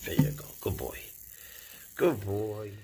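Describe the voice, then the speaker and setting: A man's voice: lowish voice, big pitch swings, slow, reverberant, heavy background noise. A man keeping exotic animals who talks casually and affectionately, often cooing to them. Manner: chatty and affectionate, coos to his animals. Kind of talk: casual vlog talk.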